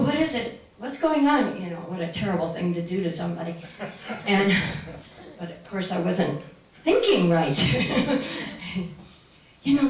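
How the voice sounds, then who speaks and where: A middle-aged woman with a mid-range, slightly mellow voice tells a personal spiritual story to a live audience in a room. She meanders and laughs often, heard from a distant mic in a very echoey space.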